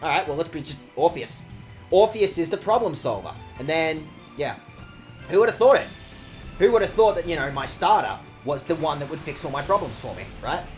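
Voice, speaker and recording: Animated sarcastic man streaming a game. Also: fairly high pitch, brisk, soft background music. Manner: animated, sarcastic, swears often. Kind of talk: casual game streaming chat.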